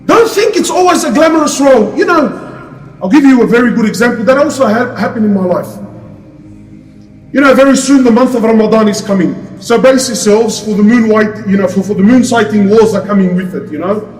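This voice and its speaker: A man's voice: high voice, fairly quick, a little mellow. A man preaching an Islamic lecture to a crowd, passionate and full of rhetorical questions. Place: lecture hall. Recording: echoey hall, distant mic.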